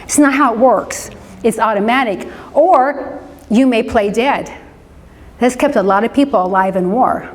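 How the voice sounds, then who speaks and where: In a hall with long reverb, a Midwestern woman who counsels and speaks on forgiveness addresses a live group conversationally, often checking in with "right?" during this interactive lecture. Her voice is on the high side, and her pace is a little slow.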